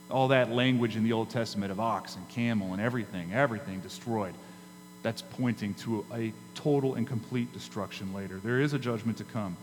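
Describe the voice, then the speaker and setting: A man preaching a sermon as pastor, emphatic, with dramatic pauses and rises in his delivery. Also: mid-range voice, a little mellow. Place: church sanctuary. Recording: hall reverb with faint mains hum.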